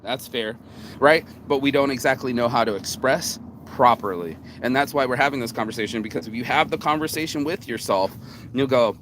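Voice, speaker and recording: A man's voice: mid-range voice, fairly quick, a bit bright, slight background noise. A man vlogging outdoors in a rambling casual monologue, cocky and profane, circling back and restarting his thoughts. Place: outdoors in the sun.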